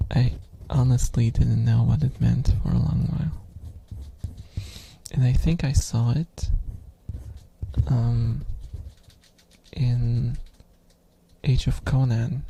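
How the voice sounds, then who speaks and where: A young man streaming soft-spoken ASMR, rambling with chuckles and slipping into whispers, close to the microphone. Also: mid-range voice, creaky, a little hiss or hum.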